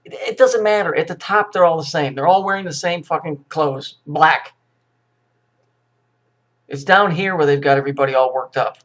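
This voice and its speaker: A man's voice: a little high, normal speed, a bit bright. A man giving a profane, sarcastic running commentary as he reacts to news clips, mocking and cursing as he goes.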